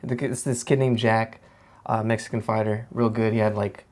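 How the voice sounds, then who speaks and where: A man's voice: on the low side, moderate pace. A man, a professional boxer, telling stories in a casual, slangy chat and acting out the people in them. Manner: animated, slangy, acts out voices in his stories. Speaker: professional boxer reacting to anime.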